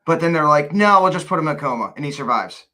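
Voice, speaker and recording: A man co-hosting a casual chat, playful and quick to chime in with trivia. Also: on the high side, animated, sharp tone. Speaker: co-host.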